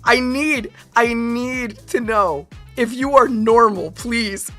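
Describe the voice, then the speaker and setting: This is a woman in her thirties hosting a live reaction stream as a VTuber. Her voice sits high and turns excitable, often breaking into laughter and squealed exclamations. Faint music plays underneath her chatter. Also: slow pace, hardly any pauses. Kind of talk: livestream reaction chat.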